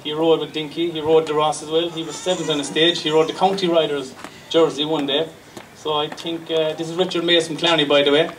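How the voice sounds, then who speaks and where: Flat-voiced Irish MC introducing speakers. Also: male voice, a little high, fairly quick, few pauses. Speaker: event MC. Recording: distant mic with background noise.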